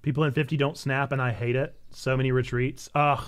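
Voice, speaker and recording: A man's voice: mid-range voice, little pitch movement, a little fast, clear, resonant tone, no echo. A young man hosting a game stream, chatting casually with viewers and repeating himself as he talks. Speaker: streamer, co-host. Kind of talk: casual gaming chat with viewers.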